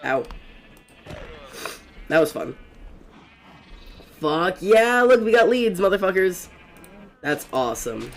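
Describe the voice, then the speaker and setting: A young man streaming a game, telling stories in a fast, rambling, excitable way, swearing often. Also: fairly high pitch, slight background noise. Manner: excitable and profane, fast rambling storytelling with many fillers. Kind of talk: casual gaming stream chat.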